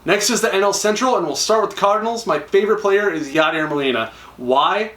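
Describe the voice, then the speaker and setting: In casual talk to camera, a young YouTuber with a high, fairly bright voice chats enthusiastically and acts out quotes. The mic is distant, and the echoey room leaves him a little off-mic.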